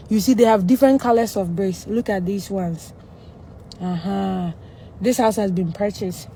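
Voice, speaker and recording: A woman's voice: medium pitch, a little mellow, slight background noise. A woman vlogging a walk through a new housing development outdoors. She explains things step by step and keeps checking in with her viewers. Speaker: vlogger giving a neighborhood tour. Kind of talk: casual explanatory walk-and-talk.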